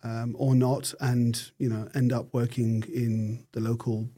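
In an interview, a middle-aged British neurosurgeon shares his story, pausing thoughtfully and often restarting his sentences. His voice sits at a medium pitch, with a flat delivery and a warm tone.

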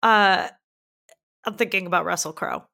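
A woman's voice: on the low side, normal speed, creaky, bright, forceful tone. A woman co-hosting a casual movie review chat, talking loosely and filling her sentences with "like". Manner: chatty, peppered with "like". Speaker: podcast co-host.

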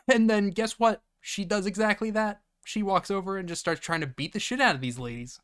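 A man's voice: high voice, a little fast, few pauses, a bit bright, smooth. A young man hosting a podcast, recapping a movie casually, laughing and swearing freely. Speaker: podcast host.

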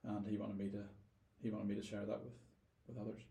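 Northern Irish man, lowish voice, roomy sound. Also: flat delivery, quick pace, gravelly, dark tone. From Northern Ireland. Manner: thoughtful, repeats words as he gathers thoughts. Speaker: guest. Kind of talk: casual interview storytelling.

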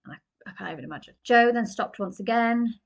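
A woman's voice: a little high, animated, a little fast, gravelly, highs cut off. A woman hosting a true crime podcast, telling the story conversationally with fillers and personal asides.

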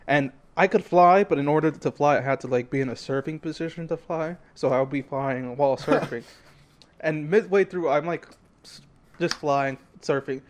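A young man co-hosting a podcast, telling a story in a loose, animated way with lots of fillers. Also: on the high side, moderate pace. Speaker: podcast co-host. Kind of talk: casual chat.

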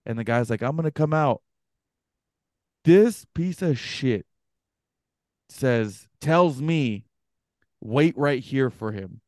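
A young man co-hosting a podcast, telling a story casually and acting out the other people's voices with big jumps in pitch. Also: slow pace, pauses often, dry recording, studio quality. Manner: animated, acts out quoted voices with pitch jumps. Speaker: podcast co-host.

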